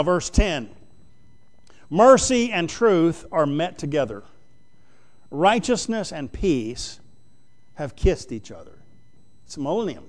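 Male preacher, slightly high, smooth and resonant, halting plain-spoken sermon delivery. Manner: plain-spoken, reads scripture aloud, many pauses and fillers. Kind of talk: sermon, Bible exposition.

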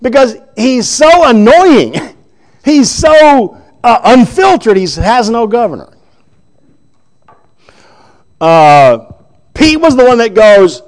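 A man preaching a sermon, retelling scripture in an animated, chuckling storytelling way. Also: extremely high pitch, takes it slowly, pauses often.

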